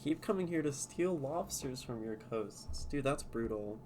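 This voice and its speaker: Male streamer, unhurried casual chatter, laughs a lot, faint hum behind. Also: medium pitch, lively intonation, darkish tone. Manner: chatty, laughs often, reads aloud unsteadily. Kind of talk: casual live-stream chat.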